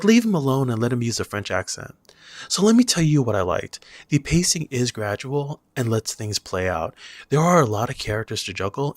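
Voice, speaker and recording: A man's voice: medium pitch, no echo. A man giving a casual, wry movie review with a sarcastic edge.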